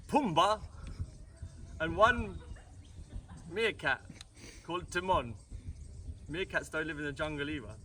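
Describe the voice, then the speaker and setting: A man's voice: a little high, bright, forceful tone, far from the mic. A British man retelling a story for his family with jokey asides and rambling restarts. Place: family home at Christmas.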